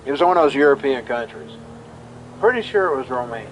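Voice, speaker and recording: A man's voice: medium pitch, lively intonation, quick pace, slight background noise, rough recording. Rambling folksy man chatting on stream. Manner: rambling, folksy, repeats himself. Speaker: live streamer. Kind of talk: casual personal storytelling.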